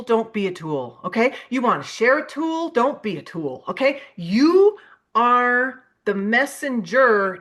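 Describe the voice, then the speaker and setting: Animated woman giving a sales keynote. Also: medium pitch. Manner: animated, acts out sample messages to prospects. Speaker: keynote speaker on sales psychology. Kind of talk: motivational sales training talk. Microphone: video call.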